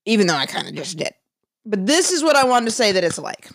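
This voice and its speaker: A woman's voice: medium pitch, very animated, quick pace, gravelly, fairly bright tone, dry recording. Woman, podcast host, comedian, casual monologue, rambling, self-interrupting, dry close sound.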